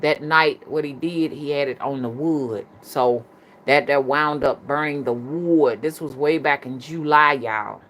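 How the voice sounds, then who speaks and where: A middle-aged woman with a Southern US accent talks to her viewers in a low, earthy voice. She tells her stories in a colloquial, chatty way and keeps calling the audience "y'all." A faint hum of background noise sits under her speech. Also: unhurried, a bit bright. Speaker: spiritual reader and rootworker. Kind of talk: casual storytelling to viewers.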